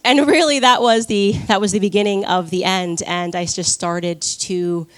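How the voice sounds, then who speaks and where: Animated woman telling her story on stage. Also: medium pitch, clean tone. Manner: animated storytelling with quick laughs and acted-out quotes. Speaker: conference speaker. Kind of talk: personal testimony speech to a live audience.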